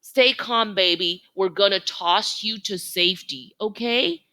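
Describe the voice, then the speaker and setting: A woman's voice: medium pitch, measured pace, sharp tone, voice pushed up. A woman voicing a commanding yet caring female elephant matriarch in a storybook reading, firm in her instructions.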